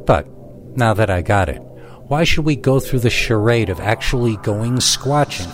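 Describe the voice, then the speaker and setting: A man narrating a first-person horror story in a lively storytelling manner. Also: on the low side, normal speed. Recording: constant background noise.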